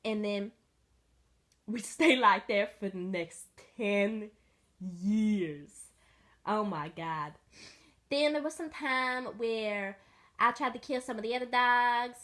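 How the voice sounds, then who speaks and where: A young woman telling a comic story in the first person as her pet dog, rambling, deadpan and profane. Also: medium pitch, slow pace, long pauses.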